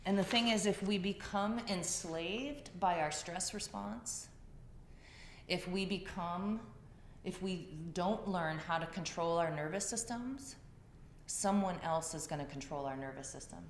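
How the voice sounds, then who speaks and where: A woman's voice: lowish voice, measured pace, slight background noise. A woman teaching a yoga class, talking to the group in a conversational storytelling way. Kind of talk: class talk. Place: class room. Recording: echoey room, faint ambience.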